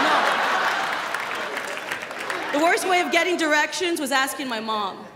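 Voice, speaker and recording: A woman doing a stand-up comedy set with punchy, animated storytelling. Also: high-pitched, moderate pace, long pauses, heavy background noise. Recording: echoey venue, loud laughing crowd.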